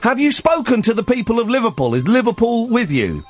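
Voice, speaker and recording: A man's voice: extremely high pitch, big pitch swings, fairly quick, faint music behind. A man hosting a late-night radio phone-in, bantering with callers and often stammering over his words.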